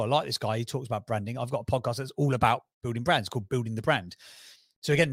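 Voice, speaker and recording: A man with a Cockney accent, talking as a guest on a podcast interview, enthusiastic and persuasive with quick restarts. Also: mid-range voice, a bit bright, dry recording, clean studio sound. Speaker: podcast guest, brand strategist.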